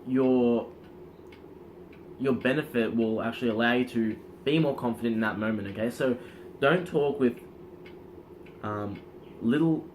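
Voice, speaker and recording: A man coaching in casual instructional talk, energetic and demonstrative, often checking in with the listener. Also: mid-range voice, unhurried, pauses often, a little hiss or hum. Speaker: self-improvement coach.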